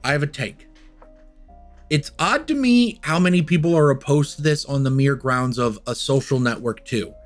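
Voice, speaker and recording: A man co-hosting a casual film discussion, opinionated and animated, with a fairly high voice. He swears freely and rants quickly when worked up. Faint music sits under the talk. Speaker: podcast co-host.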